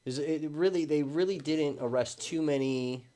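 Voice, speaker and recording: A man's voice: fairly high pitch, normal speed, mellow. A man speaking as an interview guest, conversational and a little hesitant, agreeing often. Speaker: journalist guest. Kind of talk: casual interview talk.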